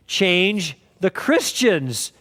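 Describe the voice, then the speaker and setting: Man, high-pitched voice, class lecture, anecdotal, long hall reverb. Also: big pitch swings, drawn-out words, a bit bright. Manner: conversational storytelling with acted quotes. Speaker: teacher.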